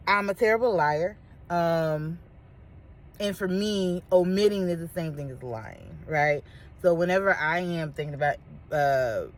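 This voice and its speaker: A woman, candidly telling personal stories to the camera with slangy asides. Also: low-pitched. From Chicago. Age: 30s. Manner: candid, animated storytelling with slangy asides and laughs. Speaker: vlogger. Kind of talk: casual talk to camera.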